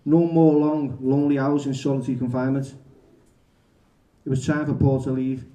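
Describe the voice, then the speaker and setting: A male author reading his memoir aloud at a bookshop event, halting and correcting himself as he goes. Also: medium pitch, flat delivery, dark tone. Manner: halting, restarts and self-corrections.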